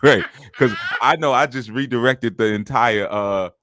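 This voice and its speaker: A man's voice: mid-range voice, measured pace, dry recording, studio quality. A man co-hosting a casual online talk show, teasing and joking with his co-host. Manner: teasing, joking, animated laughing. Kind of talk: casual banter.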